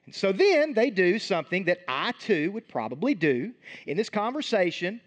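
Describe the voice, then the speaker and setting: A man's voice: sits high, big pitch swings, moderate pace. A male pastor giving a sermon in a conversational way, acting out Bible scenes as he tells them.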